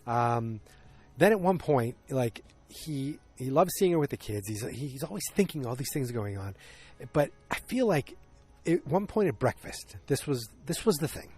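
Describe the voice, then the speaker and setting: A man talking through a casual solo podcast recap at a mid-range pitch. He rambles, corrects himself often and fills pauses with ums and uhs. Every so often he breaks in with a loud, excited exclamation. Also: breathy edge. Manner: rambling, self-correcting storyteller with frequent fillers; animated, exclamatory asides. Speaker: podcast host.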